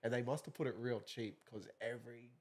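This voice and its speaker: An Australian man co-hosting a podcast, recounting pranks in relaxed, sweary conversation. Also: mid-range voice, brisk, over a noisy crowd. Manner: laid-back, sweary, chuckling. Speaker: podcast co-host. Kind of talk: casual chat.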